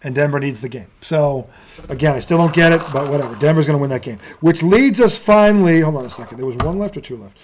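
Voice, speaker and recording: A man's voice: a little high, slight background noise. A man hosting a sports talk show, ranting and swearing freely in a casual debate and laughing often. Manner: profane, ranting, quick to laugh.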